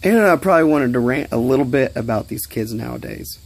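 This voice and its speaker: A man's voice: mid-range voice, lively intonation, brisk. A young man rambling and swearing casually in a vlog, talking outdoors in his yard. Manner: rambling, profane, easily irritated. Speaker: vlogger.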